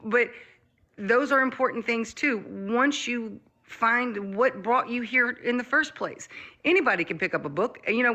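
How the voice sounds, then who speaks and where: A woman's voice: a little high, pushed and bright. A woman hosting a casual group discussion, talking in an earnest, reflective and emphatic way over background noise on her mic. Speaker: podcast host.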